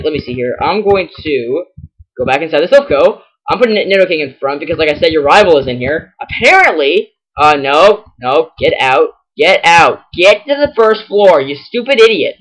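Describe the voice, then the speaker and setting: Excitable rambling gameplay commentator. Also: male voice, high voice, rough recording. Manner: excitable, rambling, self-deprecating. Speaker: gaming channel host. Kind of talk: let's play commentary.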